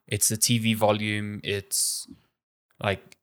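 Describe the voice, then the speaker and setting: A man's voice: on the low side, monotone, slow pace, fairly bright tone, smooth. A man co-hosting a podcast, chatting casually and poking fun at his own habits. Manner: chatty, self-mocking, restarts often. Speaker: podcast co-host. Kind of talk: casual chat.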